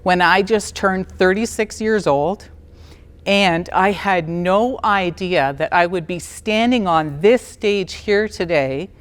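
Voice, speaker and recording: A woman in her fifties on a stage, telling her personal story in an animated, blunt and candid way. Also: on the low side, slow, big-room sound. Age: 50s. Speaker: speaker at a talk event.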